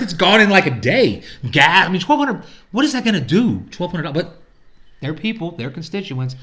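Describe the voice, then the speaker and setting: A man's voice: high voice, sing-song, a little fast, bright, forceful tone. Profane rambling male vlogger. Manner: rambling, profane, acts out quoted voices. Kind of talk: casual rant.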